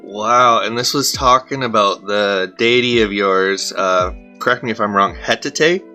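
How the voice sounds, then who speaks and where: A man's voice: on the low side, a little slow, bright, forceful tone, soft background music. A man hosting a podcast, asking short questions in a casual interview. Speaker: podcast host.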